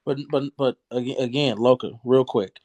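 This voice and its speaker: A man's voice: medium pitch, steady tone, moderate pace, a little mellow, no room sound. Blunt, profane man arguing on a livestream. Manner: blunt, profane and insistent, cuts in to finish his point. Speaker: livestream host. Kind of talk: heated livestream argument.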